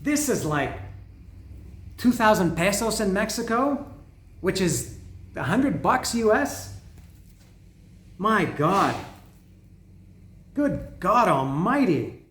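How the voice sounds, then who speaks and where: Excitable man rambling, echoey room. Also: high-pitched, slow pace, long pauses. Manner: rambling, excitable, swears freely, many restarts. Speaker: vinyl record vlogger. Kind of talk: casual unboxing vlog. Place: lives in Mexico.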